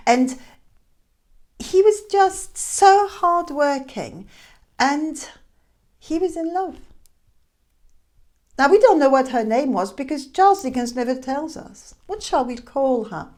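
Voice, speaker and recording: A woman telling a classic tale aloud in a chatty, expressive way with hesitant asides. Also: a little high. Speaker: storyteller. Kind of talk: informal oral storytelling.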